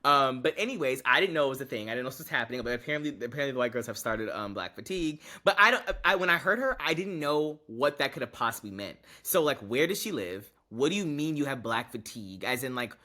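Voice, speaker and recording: A man's voice: mid-range voice, lively intonation, fast talker, few pauses, bright, forceful tone. A man co-hosting a podcast, chatting casually and animatedly, venting and swearing freely. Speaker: podcast co-host. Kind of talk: casual chat.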